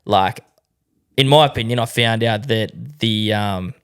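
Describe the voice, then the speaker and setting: A man's voice: lowish voice, unhurried, clear, resonant tone. Sweary young Australian man telling stories. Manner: sweary storytelling, acts out quotes, laughs often. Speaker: podcast co-host. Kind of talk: casual chat.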